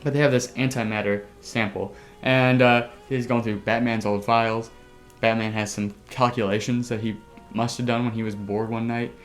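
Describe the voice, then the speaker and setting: A male podcast host who talks in a middling, unremarkable register. He tells his story with loose, excitable energy, punching it up with spoken sound effects and casual cursing. Faint music plays softly behind his voice. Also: mid-range voice, normal speed.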